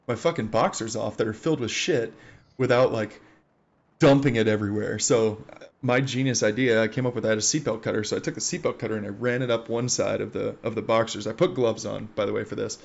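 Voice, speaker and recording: A man in his thirties, an army veteran, telling a war story in a profane, laughing, animated way. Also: lowish voice, vocal fry, muffled recording. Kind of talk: casual storytelling on a live stream.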